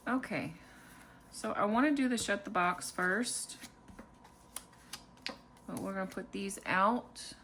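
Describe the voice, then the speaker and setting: Slow, calm woman budgeting vlogger. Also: medium pitch, slight background noise. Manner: calm, unhurried, counting money aloud. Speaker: budgeting channel host. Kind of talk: casual cash-stuffing vlog narration.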